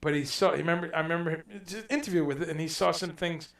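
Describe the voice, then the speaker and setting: A man hosting a casual livestream chat, telling stories in a rambling, animated way and dropping in profanity. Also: a little high, racing, gravelly, echoey room, recorded from a distance. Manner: rambling, animated storytelling with mock accents and profanity. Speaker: livestream host.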